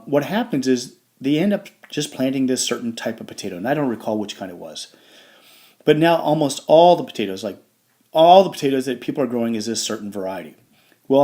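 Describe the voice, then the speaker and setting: A male history teacher lecturing in an easygoing, conversational style, voice of average pitch for a man. He leans on fillers and keeps checking in with the class as he goes. He sounds like he is talking a room through the material rather than reading it. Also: warm tone. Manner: conversational, with frequent fillers and check-ins like "all right?".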